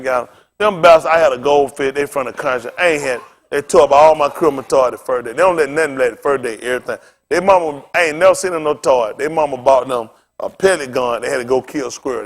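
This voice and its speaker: A male pastor preaching a sermon with funny stories, talking in a loose, colloquial way and often laughing as he tells them. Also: medium pitch. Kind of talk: sermon with humorous storytelling.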